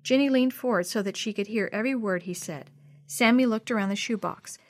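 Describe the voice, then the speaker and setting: Gentle woman reading a children's story. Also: mid-range voice, fairly quick, dry recording, clean studio sound. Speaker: narrator.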